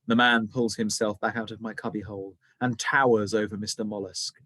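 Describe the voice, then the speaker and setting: A male teacher reading a children's novel aloud, with expressive, dramatic storytelling. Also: on the low side, a little fast, dry recording.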